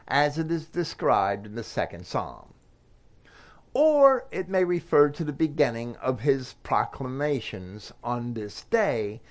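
Animated male Bible teacher. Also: a little high. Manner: measured, reads scripture aloud with emphasis. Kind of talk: scripture commentary reading.

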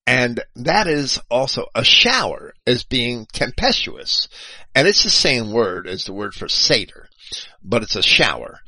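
A man giving an unscripted explanatory monologue, lecturing in a halting way with frequent restarts and self-corrections and spelling terms out letter by letter. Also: medium pitch, big pitch swings, sharp tone, dry recording, low-quality recording. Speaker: video host.

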